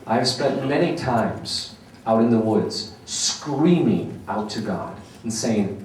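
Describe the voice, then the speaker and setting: A man's voice: mid-range voice, big pitch swings, takes it slowly, a little mellow, a little hiss or hum. A man giving a sermon, telling a personal story and acting out the voices of its people. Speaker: speaker. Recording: echoey room, voice from some distance.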